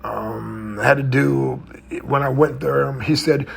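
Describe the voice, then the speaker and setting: A man's voice: mid-range voice, fairly even intonation, unhurried, vocal fry, slight background noise. A middle-aged man, a mental health coach, telling a personal story in a loose conversational way with frequent tag questions. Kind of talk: storytelling talk.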